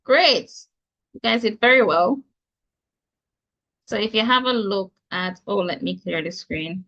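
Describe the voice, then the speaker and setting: With a mid-range, fairly bright voice and a measured pace, a woman with a Jamaican accent guides an online pronunciation class. She encourages learners and carefully spells out sounds, heard through dull, lo-fi call audio.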